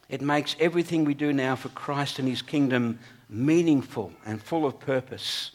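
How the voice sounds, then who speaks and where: A man preaching a sermon in an earnest way, swinging between emphatic peaks and quiet, low passages. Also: measured pace.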